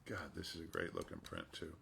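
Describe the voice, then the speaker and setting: Gravelly man chatting while signing. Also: low voice, very animated, fairly quick, sharp tone, a little hiss or hum. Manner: chatty, talks to himself while working. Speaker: voice actor signing autographs. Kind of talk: casual chat while signing.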